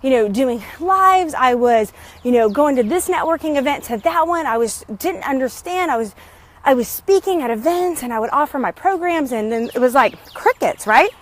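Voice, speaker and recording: A high-voiced middle-aged woman, a business coach, speaks at a moderate pace with lively intonation in an upbeat vlog filmed outdoors on her phone. She keeps things chatty and motivational, greeting neighbors along the way.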